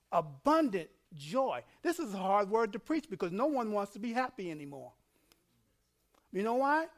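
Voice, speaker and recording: A male pastor preaching a sermon, dropping to a low murmur and then building to shouting, with frequent laughs. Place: church.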